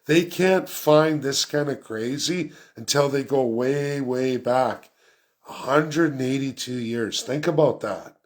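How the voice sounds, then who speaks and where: A man giving an unscripted political rant as a vlogger, talking quickly and emphatically and repeating phrases for effect. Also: medium pitch. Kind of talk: unscripted ranting monologue.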